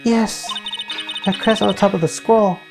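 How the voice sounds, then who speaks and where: A woman on a stream voicing a lively young female spirit medium from a game, earnest in manner. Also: mid-range voice, moderate pace, lightly acted. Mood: wistful. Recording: game music playing clearly behind.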